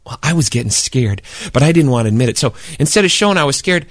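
A man storyteller narrating in a relaxed, conversational way. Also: medium pitch, fast talker, dry recording, studio quality. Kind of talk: spoken storytelling performance.

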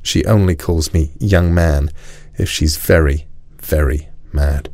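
A man reading a children's storybook aloud, expressive and playful. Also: very deep voice, slow, no echo.

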